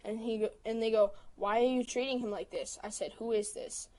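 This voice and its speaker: Woman rapidly recounting an argument. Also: fairly high pitch, fairly even intonation, mellow, low-quality recording. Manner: retells text arguments quickly, quoting both sides. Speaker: livestream host. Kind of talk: casual storytelling on a livestream.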